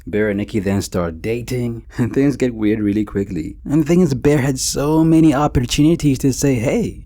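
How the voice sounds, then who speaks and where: A man's voice: fairly low pitch, dark tone. A man giving a comedic movie commentary and acting out characters' lines. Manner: joking, acts out characters' lines.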